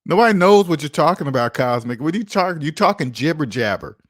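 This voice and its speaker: A man's voice: on the high side, very animated, fast talker, no echo, studio quality. A man hosting a casual finance livestream, reading viewer comments aloud and teasing them with a joking manner.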